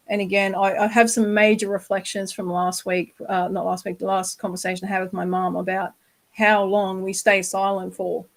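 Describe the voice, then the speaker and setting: An Australian woman hosting a casual podcast interview, with a voice of ordinary middle pitch. She talks earnestly and reassures her guest, and now and then she swears for emphasis. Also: poor audio. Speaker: podcast host.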